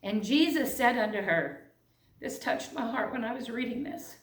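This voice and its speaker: A woman's voice: on the high side, expressive, normal speed. An earnest woman preaches in a church sanctuary. Her voice rings around the large echoey room and sounds a little distant from the microphone. She reads scripture in old-fashioned wording between plain talk. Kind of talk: sermon.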